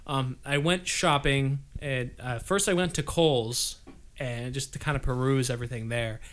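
A man's voice: mid-range voice, moderate pace, fairly bright tone. A man chatting casually on a podcast, rambling and stammering as he tells a story, laughing often. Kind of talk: casual chat.

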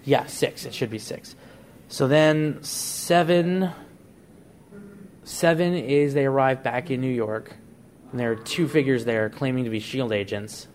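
A man's voice: fairly even intonation, measured pace, darkish tone. A man hosting a casual podcast, eagerly laying out story ideas step by step. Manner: enthusiastic storyteller, pitching plot ideas. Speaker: podcast host.

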